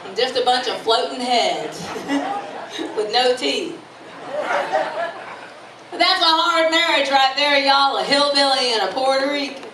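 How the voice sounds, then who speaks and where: A woman's voice: sits high, lively intonation, a little slow, pauses often. A woman from Florida performing live stand-up comedy. She is bubbly and teases the crowd with questions. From Florida, USA. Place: live stage venue with audience. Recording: echoey live room from far off. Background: audience laughter and room noise.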